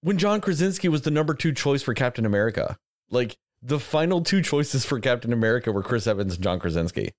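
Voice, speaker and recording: A man's voice: medium pitch, fast, no echo. A man chats loosely on a podcast, swearing freely and jumping between thoughts. His voice sits mid-range and sounds dry and close to the mic. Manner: profane, animated, rambling. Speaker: podcast host. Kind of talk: casual chat.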